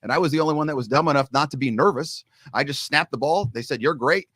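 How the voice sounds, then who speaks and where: A middle-aged man from Southern California, a guest telling animated stories in casual chat and acting out the people in them. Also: a little high, fast, no room sound. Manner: animated storyteller, acts out quoted coaches. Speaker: guest, long snapping coach. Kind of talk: casual storytelling.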